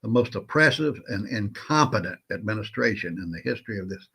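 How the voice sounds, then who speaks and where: A Southern US man hosts a casual prepping livestream, greeting viewers by name in a folksy way. His fairly low voice is brisk, with lively intonation, a creaky, breathy edge, and a pushed, bright quality.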